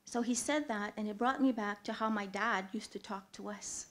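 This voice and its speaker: Speaking live from a theatre stage, a woman recounts something that really happened to her. Her pitch sits in the middle, her manner is earnest, and pauses give way to abrupt bursts of volume.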